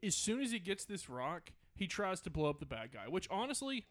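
A man with a notably high voice rants about a film in a casual chat. He sounds exasperated and jokes with quick impressions of the characters. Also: big pitch swings, a bit bright, no echo. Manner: exasperated, ranting, playful impressions. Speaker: podcast co-host. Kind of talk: casual movie review chat.

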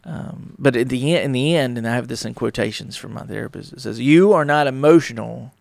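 Podcast host, male, gravelly with heavy fry, casual and rambling, dry close sound. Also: medium pitch, fast, dry recording. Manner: rambling, conversational, acts out little dialogues. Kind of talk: casual solo talk on relationships.

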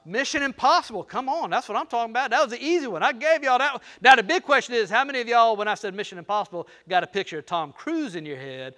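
Bright-voiced older preacher. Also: male voice, very high voice, expressive, quick pace, hardly any pauses. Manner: playful, teasing, talks straight to the crowd. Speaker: pastor. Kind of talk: sermon.

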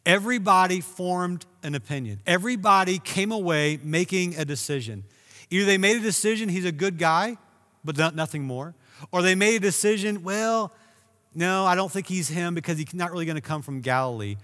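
A man preaching a sermon, telling a story with animated emphasis and raising his voice for key moments. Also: high voice, brisk, big-room sound. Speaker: pastor.

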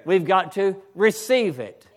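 A male preacher delivering a fervent sermon. He often restarts his phrases, breaks in with exclamations of praise, and builds up to shouting. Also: sits high, big pitch swings, slow pace.

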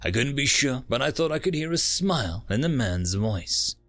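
A man narrating a dramatic first-person story, sometimes dropping into hushed tones. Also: mid-range voice, very animated, normal speed. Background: faint music.

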